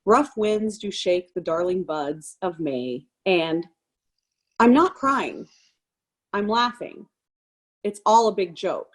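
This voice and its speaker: A woman's voice: mid-range voice, animated, slow pace, long pauses. A woman reading a stage monologue cold, voicing a wife who jokes through the pain of a divorce she refuses. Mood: hurt, softening. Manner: sarcastic, forced laughter over pain.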